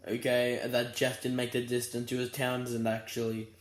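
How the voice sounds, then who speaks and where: A young Australian man talks through a footy fan preview in a rambling, fired-up way, stumbling over his words. He sounds tired, with yawns between lines. His delivery stays flat and level, and the room echoes around him. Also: mid-range voice, moderate pace. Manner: rambling and fired up, many restarts. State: tired and yawning. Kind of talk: casual fan preview monologue.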